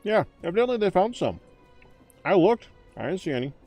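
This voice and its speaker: Everyday man, relaxed and offhand, family dinner chat. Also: high voice, a little fast, faint music behind.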